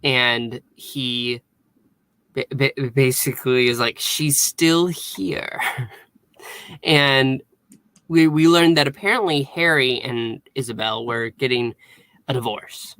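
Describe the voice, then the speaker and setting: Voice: medium pitch, unhurried, fairly bright tone, dry recording. A co-host summarizing a TV episode's plot in casual chat, with dry asides. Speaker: podcast co-host.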